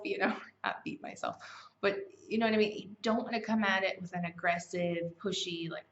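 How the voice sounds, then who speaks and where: Speaking at a moderate pace in a fairly low voice, a woman hosts a self-help challenge. She teaches in a casual, motivational, conversational style with fillers and self-corrections, on a slightly dull, lo-fi recording.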